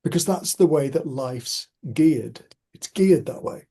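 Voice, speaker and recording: Gravelly Cumbrian man on a video call. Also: a little high, animated, measured pace, mellow. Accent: Northern English, Cumbrian. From Cumbria, Northern England. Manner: chatty, swearing, playful teasing. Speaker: group facilitator. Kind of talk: casual group discussion and storytelling.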